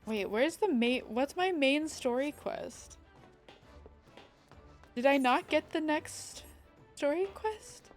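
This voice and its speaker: A woman's voice: high-pitched, animated, slow pace, pauses often, faint music behind. A young woman chatting casually while streaming a game, thinking aloud and greeting viewers. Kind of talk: casual live-stream chat.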